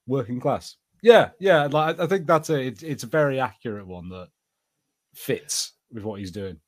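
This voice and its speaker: This young podcast co-host from Northern England chats casually in a medium-pitched voice, his talk full of fillers and restarts. The recording is studio quality with no echo.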